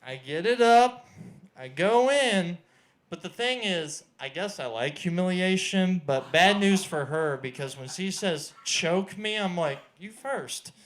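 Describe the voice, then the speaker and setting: Deadpan stand-up comic, a man. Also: high voice, unhurried. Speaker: stand-up comedian. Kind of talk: stand-up set. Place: small comedy venue.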